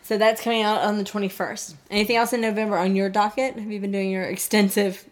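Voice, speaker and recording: A woman's voice: medium pitch, little pitch movement, fast. A woman co-hosting a casual movie chat, talking in a loose, chatty way with restarts. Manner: chatty, trails off and restarts, laughs easily. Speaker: podcast co-host.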